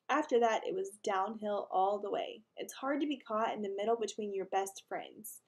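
Reading from a children's chapter book, a woman with a mid-range voice performs it expressively, pausing slowly on key moments and posing questions to the kids listening.

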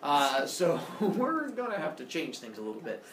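A man voicing a smug, bossy king of the gods in a lively, offhand way, recorded from far off in an echoey classroom. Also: a little high, moderate pace, a little hiss or hum, pitched below the performer's own voice.

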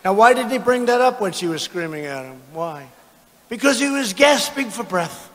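A politician in his seventies rants at a rally in a huge crowded arena, his high, bright voice swinging widely in pitch at normal speed. He's boastful and mocking, breaking into shouts, and the recording rings with long, booming reverb.

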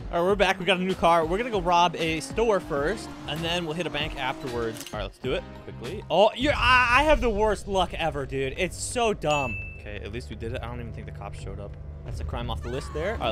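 Hyped young dude gaming, voice jumps all over, yells out of nowhere, music behind. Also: male voice, fairly high pitch. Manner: excitable, breaks into sudden shouts, cheeky. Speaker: gaming YouTuber playing a criminal in role-play. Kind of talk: excitable gameplay commentary and in-character role-play. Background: game music.

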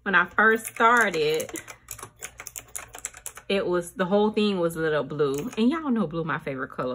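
A woman, chatting excitedly to viewers in a casual unboxing vlog, calling them y'all. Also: measured pace, long pauses, a little hiss or hum. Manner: squeals up high when thrilled. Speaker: vlogger.

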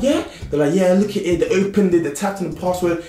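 A young man with a London accent telling a storytime vlog in a lively, slangy way. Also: high voice, quick pace. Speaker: vlogger. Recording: roomy indoor sound.

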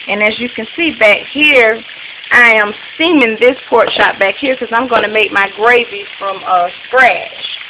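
A woman with a fairly high voice talks through a home cooking demo in an easygoing, chatty way, often pausing on fillers. Frying and sizzling from the pan come through clearly on the noisy camera recording. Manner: relaxed, chatty, with many fillers. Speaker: cooking video host. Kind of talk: casual step-by-step cooking demo. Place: home kitchen.

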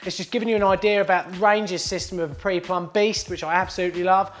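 A man's voice: high-pitched, fairly even intonation, fast talker, fairly bright tone, a little hiss or hum. A man with a British accent, a plumber talking through a hands-on job indoors in a chatty, joking way. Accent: British English. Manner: chatty, jokey, explaining step by step. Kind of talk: hands-on trade tutorial. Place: indoors at a job site by a hot water cylinder.

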